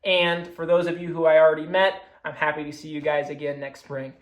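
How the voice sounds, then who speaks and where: A man's voice: a little high, flat delivery, a little fast, highs cut off. A young man giving a casual recorded talk on hunting, explaining his methods as he demonstrates them. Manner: casual, explains with hands-on calling demos. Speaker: hunting presenter. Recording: echoey room.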